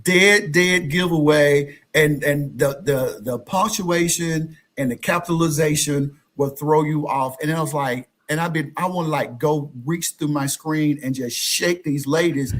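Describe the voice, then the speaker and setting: Guy on a podcast telling stories, kinda high voice, acts out the back and forth. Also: a little slow, hardly any pauses. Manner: animated, acts out quoted exchanges. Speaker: podcast guest, social media influencer. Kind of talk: conversational storytelling.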